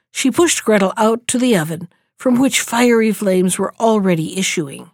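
A woman's voice: mid-range voice, expressive, normal speed, few pauses, darkish tone, dry recording, studio quality. Woman reading a fairy tale aloud. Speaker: storyteller.

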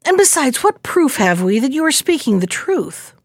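A poor young fisherman from a storybook, the skeptical elder brother, read by a woman with a scornful, impatient edge. Her voice leaps around in a lively way as he scoffs. Dry, close sound. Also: high-pitched, moderate pace, no room sound, voice pushed up. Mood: doubtful.

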